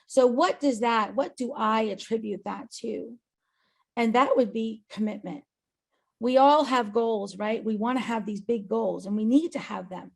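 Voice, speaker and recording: A woman gives an earnest motivational talk to her colleagues on a company call. Her voice sits a little high and has a gravelly edge. She speaks emphatically and keeps checking in with her listeners. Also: a little mellow. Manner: emphatic, earnest, tag questions. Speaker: agency owner.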